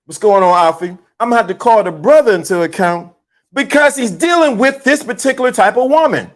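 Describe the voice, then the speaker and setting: Animated high-voiced male livestream host. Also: brisk. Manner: animated, emphatic, repeats himself; greets chat viewers mid-sentence. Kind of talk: casual livestream commentary.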